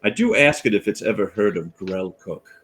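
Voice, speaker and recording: A man playing a tabletop game, describing his character's actions in a deliberate way. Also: lowish voice, expressive, a bit bright, a little hiss or hum. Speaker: player.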